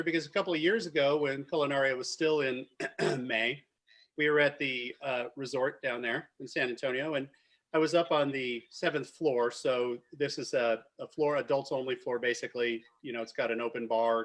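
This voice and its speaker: Laughing winemaker telling a story. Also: male voice, mid-range voice. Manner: animated storyteller, laughs often. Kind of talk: casual chat. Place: virtual tasting video call.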